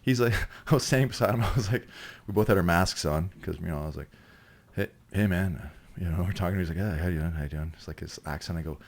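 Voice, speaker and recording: A man's voice: deep voice, fast talker. A man from Canada, an actor and comedian guesting on a podcast, telling rambling stories in casual chat, laughing often and acting out the dialogue.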